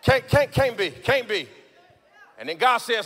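A man preaching a live Sunday sermon in a church, calling out to the congregation and swinging from low, close talk to impassioned shouting. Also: very animated, measured pace, breathy edge. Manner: addresses congregation members directly. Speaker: pastor. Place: church sanctuary before a congregation.

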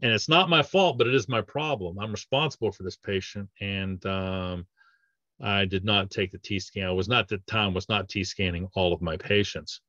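Low-voiced man presenting a dental webinar. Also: moderate pace, pushed and bright, dry recording, highs cut off. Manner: conversational, with many fillers and restarts. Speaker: dentist giving a training webinar. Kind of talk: casual technical presentation.

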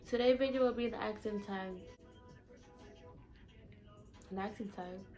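A woman's voice: medium pitch, brisk, mellow, faint music behind, rough recording. A young woman from St. Thomas with a US Virgin Islands accent, chatting casually and playfully in a vlog. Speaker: vlogger. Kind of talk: casual chat.

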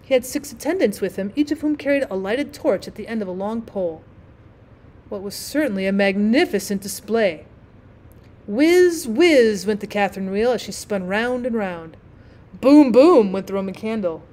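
A woman teacher reading a classic story aloud in an expressive storytelling manner. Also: mid-range voice, brisk.

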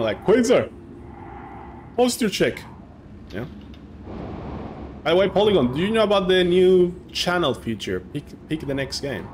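A young man streaming a game live, chatting excitedly with his viewers and reacting as he plays. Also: medium pitch, slight background noise. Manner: excitable, chatty, talks to chat. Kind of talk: casual live game commentary.

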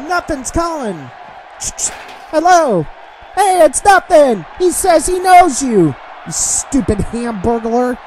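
A brash, trash-talking heel wrestler, as a man plays him for a wrestling game. He shouts his insults in a high, swooping voice and stretches out every taunt. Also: slight background noise, heavily acted, low-quality recording. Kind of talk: role-play voicing a game character.

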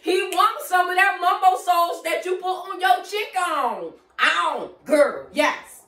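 A high-voiced woman reads tarot cards in a sassy, slangy, chatty way, talking to her viewer like a girlfriend. Her voice bounces around a roomy space, and she sits a little back from the mic. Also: animated, slow, sharp tone, far from the mic. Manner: sassy, slangy, talks straight to the viewer as "girl". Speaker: tarot reader. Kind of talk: casual tarot reading.

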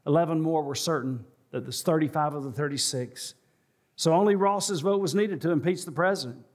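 Inside a church sanctuary, a man delivers a sermon built around a story. He stresses key moments by slowing his pace and lifting his pitch.

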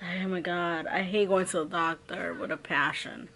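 In a lowish, sharp-toned voice with fairly even intonation, a woman speaks at a moderate pace. The setting is her home kitchen, where she casually vlogs about her swollen, aching ear and sore throat; she barely opens her mouth, which muffles her a bit.

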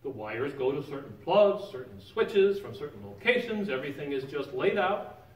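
Teaching an informal Bible class in a church sanctuary, a man speaks at a moderate pace in a fairly high, expressive voice. He keeps things conversational and fires questions at the class, with a distant pickup and a roomy echo.

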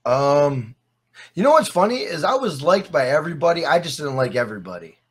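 A man guesting on a casual podcast, his voice sitting a little high for a man. He tells stories with lively energy, swears freely and repeats his phrases for weight. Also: a little fast, husky. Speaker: interview guest.

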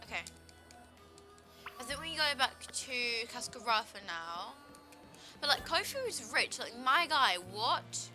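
A bubbly woman talks through her gameplay, chatty and quick to react and full of likes. Her voice is high and very bright. Faint music plays under her. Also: sing-song, rough recording. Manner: bubbly, chatty, says like a lot. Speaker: gaming video host. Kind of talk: casual gameplay commentary.

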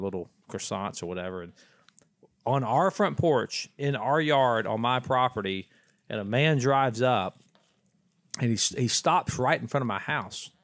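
Man, casual podcast chat, animated storyteller, lowish voice, dry close mic. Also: no room sound. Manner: animated anecdote teller. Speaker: podcast co-host.

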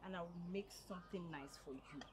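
Actress as hostess fussing over a guest, low mellow voice, soft noise behind. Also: female voice, fast talker, close to an everyday voice. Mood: soothing. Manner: soothing, fussing. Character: caring married woman, doting hostess.

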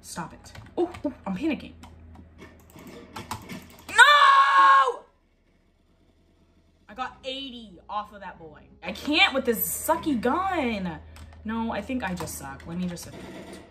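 High, lively, bright-voiced woman gamer. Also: moderate pace. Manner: excitable, talks to herself, repeats phrases, yelps and laughs. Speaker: gaming video host. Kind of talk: live gameplay commentary.

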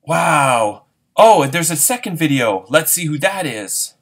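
A man's voice: on the high side, sing-song, a little slow, fairly bright tone. A man casually reacting and chatting while he plays a game. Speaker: game player and narrator. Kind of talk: casual gameplay commentary.

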